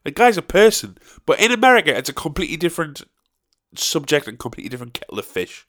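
A man's voice: on the high side, very animated, fast talker, a bit bright. A young man from the North of England with a Northern English accent, ranting casually and swearing, with many repeated restarts. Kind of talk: casual monologue.

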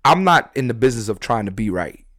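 A middle-aged man hosting a casual podcast, telling stories and acting out the people he quotes with sudden loud jumps. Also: sing-song, fast talker, dry recording, studio quality. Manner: storytelling, acts out quotes with big pitch jumps and shouts. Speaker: podcast host.

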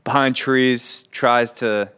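A man's voice: medium pitch, steady tone, slow, pushed and bright, clean tone. A man co-hosting a golf podcast, explaining shots in an opinionated, casual way. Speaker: podcast co-host. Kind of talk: casual golf analysis chat.

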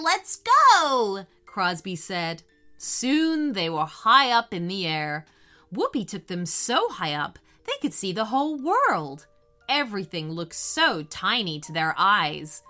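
A woman narrating a children's storybook in an expressive, unhurried way. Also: medium pitch.

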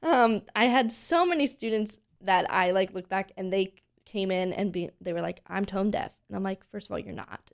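A woman in her twenties, a voice teacher from Pennsylvania, chatting as an interview guest and telling animated stories full of fillers. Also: medium pitch, normal speed, gravelly, few pauses. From Pennsylvania, USA. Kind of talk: casual interview chat.

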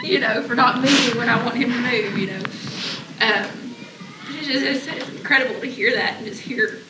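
A woman emotionally and animatedly retelling a shared story to her church group, laughing as she goes. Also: on the high side. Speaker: church member. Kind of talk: casual sharing in a group. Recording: echoey room, mic far off, noisy.

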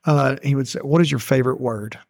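Man, from Tennessee, podcast co-host, fast, chatty, teasing. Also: mid-range voice. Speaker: co-host, the host's father. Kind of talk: casual podcast chat.

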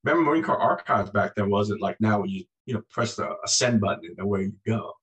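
Man in his sixties, fairly low voice, animated storyteller, conversational interview guest. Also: quick pace, rough recording. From United States. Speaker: guest, former Marine.

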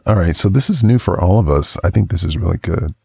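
A man hosting an adult podcast, performing an intimate audio role-play in a slow, breathy murmur full of moans and cursing. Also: sits low, expressive, mellow, no room sound. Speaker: podcast host.

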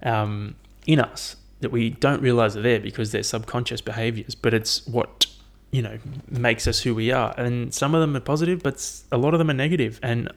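Alone on his podcast, a young man rambles loosely and unscripted, swearing a lot and using plenty of fillers. His middling-pitched voice is gravelly and creaky, with fairly even intonation, a moderate pace and hardly any pauses.

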